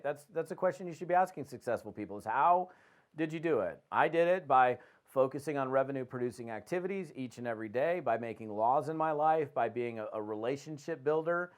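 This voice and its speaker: A man's voice: mid-range voice, brisk, few pauses. A middle-aged man giving a motivational network marketing training, talking conversationally and acting out little bits of dialogue. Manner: conversational, acts out quoted dialogue, frequent restarts.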